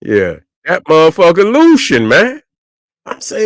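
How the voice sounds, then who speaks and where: A man's voice: fairly high pitch, big pitch swings, measured pace, fairly bright tone, no room sound. A man, ranting profanely and repetitively to viewers on a livestream. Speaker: online commentator.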